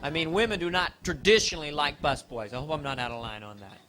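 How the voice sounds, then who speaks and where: A man's voice: fairly high pitch, fast, bright, forceful tone. A man doing a live stand-up set in a comedy club, rambling playfully and teasing the audience.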